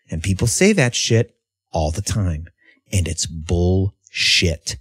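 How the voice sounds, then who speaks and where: A man talking as a podcast guest in casual conversation, animated, swearing freely and restarting his sentences often. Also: fairly low pitch, normal speed.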